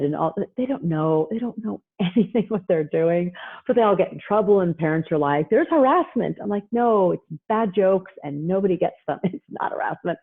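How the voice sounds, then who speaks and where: Lady talking parenting on a video call, chatty, plays out the kids' voices, sounds like a tinny phone line. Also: fairly low pitch. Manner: chatty, acts out kids and parents in quoted asides. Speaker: parenting presenter. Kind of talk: casual online talk.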